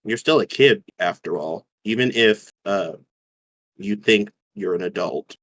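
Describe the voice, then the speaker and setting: A man's voice: lowish voice, a little slow, fairly bright tone. A man voicing a socially awkward, privileged adult man in a tabletop game, earnest and a little awkward. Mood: reassuring.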